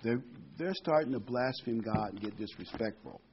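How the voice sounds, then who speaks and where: A man's voice: medium pitch, normal speed, muffled recording, a little hiss or hum. A man giving informal Bible teaching as a preacher, folksy, with corny jokes and frequent ums.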